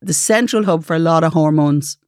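A woman's voice: sits low, brisk, darkish tone, dry recording, studio quality. An Irish woman co-hosting a podcast, chatting wryly and laughing often. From Ireland. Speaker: podcast co-host. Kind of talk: casual chat.

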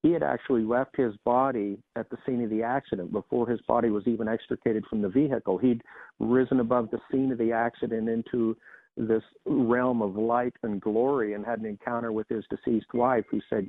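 A man, a former emergency doctor, telling his experiences as a guest in a measured, reflective way with some restarts. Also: mid-range voice, steady tone, no room sound. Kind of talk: interview, personal storytelling. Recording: dry tinny phone-like line.

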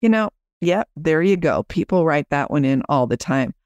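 Smooth-voiced woman podcast coach. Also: deep voice, expressive, moderate pace, a little mellow, dry recording. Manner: chatty, guiding listeners through exercises. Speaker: podcast host and business coach. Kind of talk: explaining a program on a podcast.

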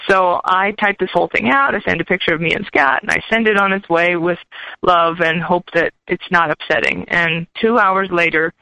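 Bright-voiced woman telling a story. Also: on the low side, normal speed, no echo, poor audio. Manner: lively storyteller, mimics voices in quotes. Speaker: podcast guest. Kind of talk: storytelling anecdote.

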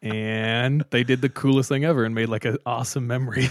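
A man tells a story on a podcast in a loose, chatty way, jumping up loudly whenever he acts out what a character yells. His voice sits in the middle range and is recorded close and dry, with no room sound. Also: mid-range voice, brisk, few pauses, dry recording. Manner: animated, acts out quotes, laughs often. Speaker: podcast co-host. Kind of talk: casual storytelling.

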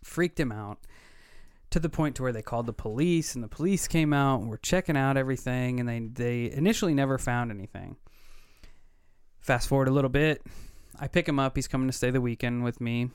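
A man's voice: mid-range voice, brisk, clean tone, dry recording, clean studio sound. Earnest man in his thirties telling stories. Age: 30s. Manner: earnest, vivid retelling with quoted dialogue. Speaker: podcast co-host. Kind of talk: casual storytelling.

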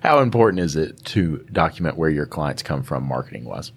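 A man with a Southern American accent co-hosting a live podcast, asking questions with halting restarts. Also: extremely low pitch, very animated, slight background noise. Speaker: podcast co-host.

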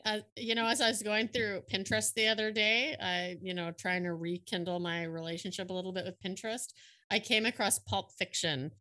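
A woman's voice: mid-range voice, steady tone, a little fast, sharp tone. A woman co-hosting a podcast, sharing stories in a reflective, chatty way. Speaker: podcast co-host. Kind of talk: casual chat.

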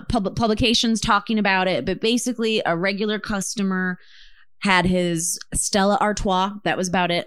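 A woman co-hosting a podcast, chatting casually with impassioned, profane, animated storytelling. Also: lowish voice, clear, resonant tone, no echo, studio quality. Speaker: podcast co-host. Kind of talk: casual chat.

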